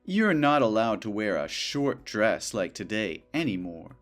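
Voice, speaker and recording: A sugary, wheedling coworker who will not take no for an answer, played by a man. He drawls slowly, his voice rising and falling with lively swings, while soft music plays underneath. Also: lowish voice. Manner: sugary, wheedling, overly familiar. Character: clingy possessive male coworker, young adult. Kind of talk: scripted dialogue drama.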